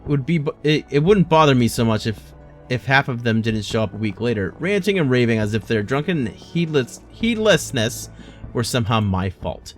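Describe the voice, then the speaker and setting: A man's voice: medium pitch, very animated, normal speed, faint music behind, close to an everyday voice. A man voicing a harried, grumbling tavern worker, reading game dialogue aloud with restarts.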